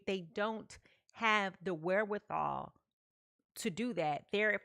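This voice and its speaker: Woman, tarot reader, chatty, keeps asking "okay?", medium pitch, dry close sound. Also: a bit bright, no echo. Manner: chatty, repeats "okay?" often, talks to chat. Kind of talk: live tarot reading.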